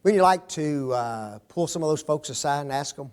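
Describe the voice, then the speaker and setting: A high-pitched man leads a Bible study from the front, throwing questions at his listeners. He echoes their answers back and keeps checking in with "okay?" and "don't they?" as he teaches. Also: lively intonation, normal speed, a little mellow. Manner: asks the class questions and repeats their answers; often tags lines with "okay?" and "don't they?". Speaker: preacher teaching a Bible class. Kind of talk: interactive Bible study sermon.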